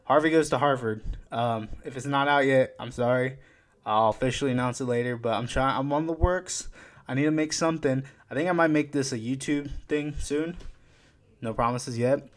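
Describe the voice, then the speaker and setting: Young male host, loose rambling chat, lots of swearing and laughs, average pitch. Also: moderate pace. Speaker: podcast host. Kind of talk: casual podcast chat. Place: home.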